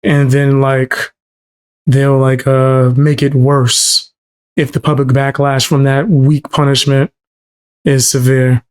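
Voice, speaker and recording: A man's voice: medium pitch, little pitch movement, takes it slowly, clean tone. Laid-back slangy male reactor. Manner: loose slangy, rambling. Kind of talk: casual reaction chat.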